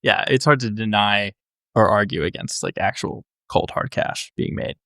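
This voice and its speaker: A man hosting a casual interview podcast, talking in a relaxed, rambling way and repeating words as he thinks. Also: lowish voice, normal speed, no echo, clean studio sound. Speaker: podcast host.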